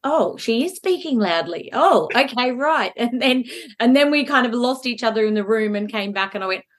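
A woman's voice: a little high, normal speed. A woman co-hosting a podcast in casual chat, telling stories animatedly and laughing often. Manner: giggly, animated storytelling with frequent laughter. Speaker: podcast co-host.

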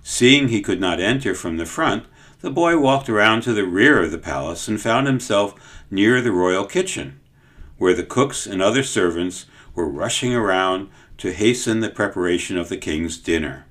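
A man narrating a storybook in a measured, expressive way. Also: on the low side. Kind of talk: audiobook storytelling.

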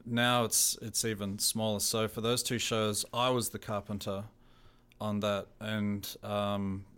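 A man with a somewhat low voice talks about his theatre work in a relaxed interview. He pauses often, fills gaps with "um", and restarts his sentences as he goes. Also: smooth. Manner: halting, with many fillers and restarts. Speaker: theatre technical director and carpenter. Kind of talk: casual interview.

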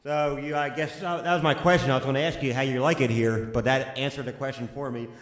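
A man's voice: medium pitch, steady tone, quick pace, fairly bright tone. A man hosting a playful family podcast, chatting goofily and teasing, heard in an echoey room. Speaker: podcast host and father. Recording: echoey roomy recording.

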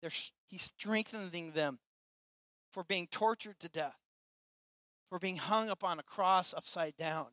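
Bright-voiced impassioned male preacher. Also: high-pitched, unhurried, pauses often, dry recording. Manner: impassioned, swinging from loud to soft. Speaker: pastor. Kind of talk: sermon.

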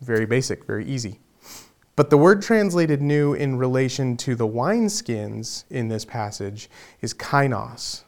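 A man preaching a sermon as pastor, earnest, often repeating words as he builds to emphatic points. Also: mid-range voice.

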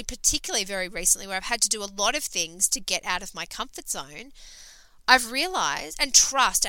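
A woman's voice: on the high side, bright, forceful tone, smooth, no echo, low-quality recording. A woman hosting a podcast, talking in an emphatic, sweary, casual motivational monologue full of fillers. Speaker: podcast host and coach.

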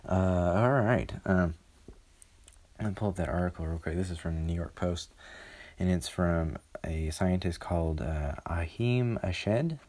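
Deep-voiced man rambling casually. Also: measured pace, darkish tone. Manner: rambling, lots of uh fillers. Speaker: podcast host. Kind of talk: casual commentary.

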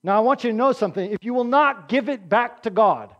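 A man's voice: high voice, expressive, brisk, few pauses, fairly bright tone, muffled recording. A man preaching a sermon in a conversational, emphatic way, often checking in with his congregation and acting out quotes. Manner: emphatic, acts out quotes with raised voice. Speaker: pastor.

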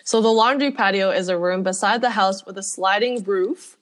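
A woman co-hosting a casual podcast, reading a listener's story aloud with lively delivery and frequent laughter. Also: mid-range voice, normal speed. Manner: animated storytelling, laughs often. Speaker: podcast co-host.

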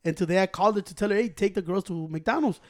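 A man chats casually with friends. He tells animated, profane stories and drops Spanish words in as he goes. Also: high-pitched, quick pace. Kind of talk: casual chat.

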